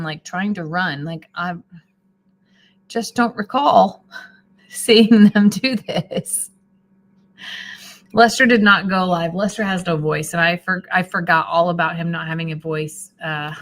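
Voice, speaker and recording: A sleepy woman talks casually through a live stream, rambling from one thought to the next. Her voice sits fairly low. A faint hum of room ambience stays underneath. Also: steady tone, moderate pace, a bit bright. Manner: chatty, rambling, reads out viewer comments. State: sleepy, yawning. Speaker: homesteading livestreamer.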